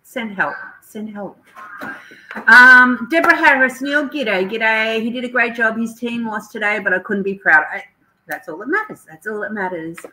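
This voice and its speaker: A middle-aged Australian woman runs a livestream from home, welcoming viewers by name and chatting emotionally at a moderate pace. Her voice is on the high side with a sharp tone, and the audio quality is poor.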